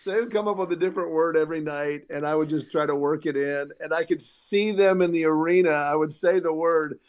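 A man with a slightly raised pitch, chatting as an interview guest. He is an upbeat storyteller who slips into the voices of the people in his anecdotes. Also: fairly quick, dull audio. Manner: upbeat storyteller, acts out quoted dialogue. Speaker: comedian and speaker. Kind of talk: casual interview chat.

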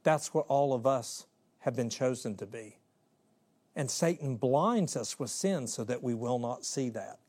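A man preaching a sermon in an animated way, acting out voices and quoting scripture. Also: mid-range voice, a little slow. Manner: animated, acts out voices and quotes.

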